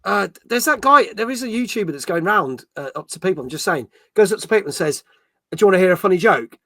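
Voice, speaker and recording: High, bright-voiced host. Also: male voice, lively intonation, fast talker, dry recording, clean studio sound. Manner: joking, reads viewer comments aloud. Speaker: podcast host reading chat. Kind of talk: casual live-stream chat.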